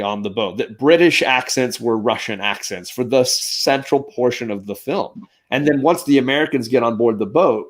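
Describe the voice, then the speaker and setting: A man hosting a casual movie review discussion, talking with enthusiasm and restarting his sentences now and then. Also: on the low side. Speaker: show host.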